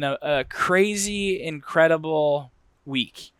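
Smooth-voiced man telling a story. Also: fairly high pitch, takes it slowly, dry recording. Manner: lively, animated storyteller with frequent fillers. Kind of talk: personal storytelling.

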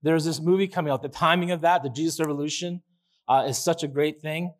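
A pastor preaching a sermon in a chatty, enthusiastic way, with restarts and asides. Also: male voice, fairly high pitch, fast. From Canada. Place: church.

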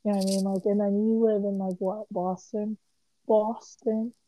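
A woman's voice: mid-range voice, little pitch movement, fast talker, mellow, low-quality recording. A young woman co-hosting a casual podcast chat, rambling with lots of "like". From Las Vegas area. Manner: rambling, heavy use of "like". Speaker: podcast co-host.

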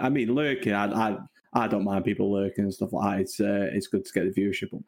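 A man's voice: on the low side, fast talker, vocal fry, a little mellow. A man in his thirties with a Mancunian accent, chatting casually on a podcast, laughing often and poking fun at himself. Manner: laughs often, self-deprecating. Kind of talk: casual chat.

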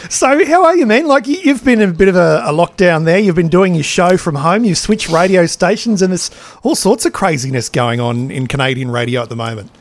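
Australian male podcast host, higher pitch, chatty fan energy. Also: animated, a little fast. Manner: chatty, eager fan of his guest. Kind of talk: casual interview chat.

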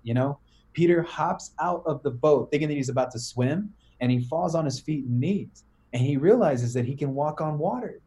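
A man's voice: fairly high pitch, moderate pace. Slangy young man telling a story. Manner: slangy, animated retelling with "bro" and "right?". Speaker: podcast guest. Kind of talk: casual storytelling.

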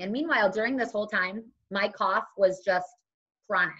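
A woman's voice: medium pitch, normal speed. Woman telling a story on a dull recording. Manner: animated, acts out other people's lines. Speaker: guest telling her story. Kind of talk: casual conversational storytelling.

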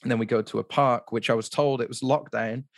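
A man's voice: mid-range voice, fairly even intonation, a little fast, vocal fry, no echo. Guy rambling thru a story on a podcast, lots of likes n restarts, dry mic. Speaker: podcast guest. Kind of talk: casual storytelling.

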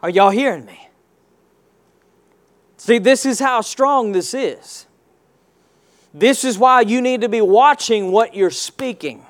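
Very high-pitched and slow, with long pauses, a male pastor preaches a sermon. Reading scripture, he prompts the congregation to answer back and climbs into loud exclamations.

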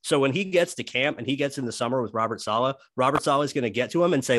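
A man talks football on a podcast, emphatic and animated as he lays out player technique. His voice sits at a middling pitch. The sound is dry and close, with no room around it. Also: rapid-fire, hardly any pauses, dry recording. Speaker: sports podcast co-host. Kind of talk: casual football analysis chat.

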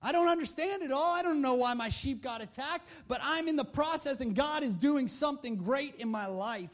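Man acting out a young shepherd hero, brash, cocky, casual slang, very high voice. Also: normal speed. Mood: bold.

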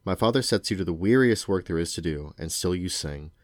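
A man's voice: sits low, expressive, brisk, dry recording, studio quality. A man reading aloud as an earnest, lovesick young prince who speaks in a pleading way.

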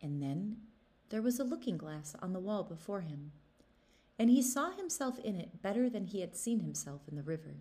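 A woman reading a fairy tale aloud to children in an expressive storytelling manner. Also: mid-range voice, moderate pace.

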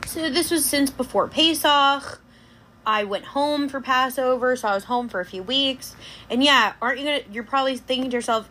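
A young woman hosting a podcast, telling a dating story in an animated, chatty way. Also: high-pitched, normal speed, slight background noise. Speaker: podcast host. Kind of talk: casual chat.

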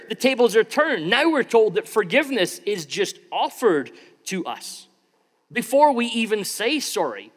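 A man delivers a sermon in a high, lively-pitched voice. He keeps it conversational, acting out everyday examples along the way. His words carry a long echo through a large church hall. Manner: conversational, acts out examples with shifting tone. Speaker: preacher.

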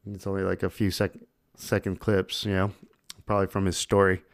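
A man hosts a podcast, his voice low, monotone and brisk. He tells stories in a loose, chatty way, with plenty of fillers and laughter.

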